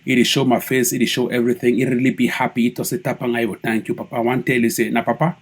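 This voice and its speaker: A man with a Cameroonian Pidgin English accent, giving live-stream commentary as an activist broadcaster, animated and mocking. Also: medium pitch, racing, slightly rough. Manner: animated, mocking, swings into loud mimicry.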